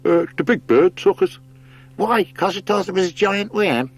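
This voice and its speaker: A whiny, jittery vermin sentry, voiced by a man reading the tale aloud. He pitches his voice well up into a shrill, pushy whine and says everything loudly. A storybook creature. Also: expressive, moderate pace. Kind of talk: audiobook character voice.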